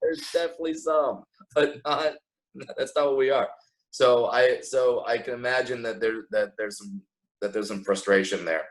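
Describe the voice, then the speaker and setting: A man's voice: medium pitch, normal speed, poor audio. An American man talking casually on a podcast, stopping and restarting a lot and acting out quoted voices. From United States. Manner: animated, acts out quoted voices, frequent restarts. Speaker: guest comedian.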